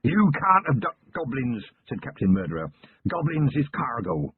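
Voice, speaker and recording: A man doing a rough resigned ship captain. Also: medium pitch, very animated, moderate pace, dry recording, full character voice. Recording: tinny lo-fi recording.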